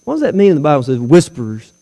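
A man with a fairly high, dark-toned voice preaches to his church in rapid-fire bursts, his pitch swooping wildly. He speaks emphatically and fires rhetorical questions at the congregation, and the church hall gives a long reverb.

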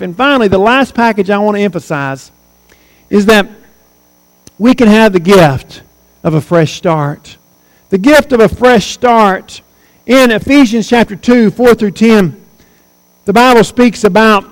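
A man's voice: high-pitched, big-room sound, poor audio. A man in his forties preaching a sermon as pastor, earnest and emphatic, repeating key phrases. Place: church sanctuary.

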